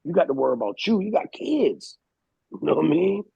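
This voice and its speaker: A man hosting a casual podcast talk, animated and slangy, telling stories and acting out what others said. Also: on the high side, a little fast, vocal fry, husky, no room sound, dull audio. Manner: animated, slangy, storytelling with quoted voices. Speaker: podcast host. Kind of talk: casual chat.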